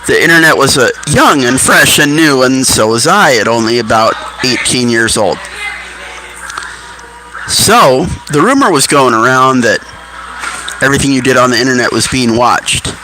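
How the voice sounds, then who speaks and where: A man's voice: mid-range voice, lively intonation, moderate pace, bright, forceful tone, low-quality recording. Thirties guy rambling through a story, keeps losing track, mid voice, music in the background. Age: 30s. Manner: digressive, loses his thread mid-story.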